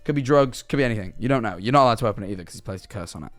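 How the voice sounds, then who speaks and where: A man's voice: lowish voice, lively intonation, very fast, soft background music. A young man chatting on a live stream, rambling through absurd hypotheticals and answering his chat. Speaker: livestreamer.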